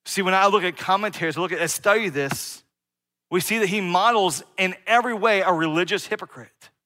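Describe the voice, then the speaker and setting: Bright, high-voiced preaching man. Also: a little fast. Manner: conversational preaching with frequent "right?" asides. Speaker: pastor. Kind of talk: sermon.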